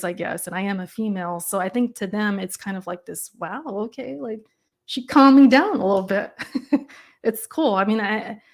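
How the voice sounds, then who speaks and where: A woman with a calm, soft-spoken delivery, chatting thoughtfully as a guest in a casual interview over a video call, laughing often. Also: medium pitch. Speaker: guest gamer and YouTuber.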